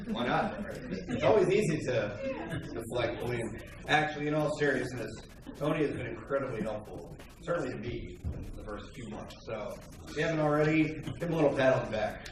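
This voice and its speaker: A man's voice: mid-range voice, measured pace, long pauses. Guy preaching in church, jokey storyteller, big echo, sounds kinda far off, faint room noise. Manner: joking, animated storytelling. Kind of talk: sermon with light humor. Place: church hall. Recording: very echoey hall, picked up from afar.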